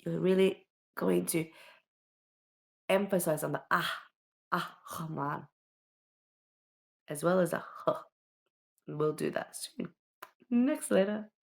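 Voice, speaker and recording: A woman with a low voice gives a slow alphabet lesson for young children. She sounds out each letter patiently, repeats it, and keeps asking "okay?" so the kids can follow along. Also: gravelly, darkish tone. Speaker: teacher.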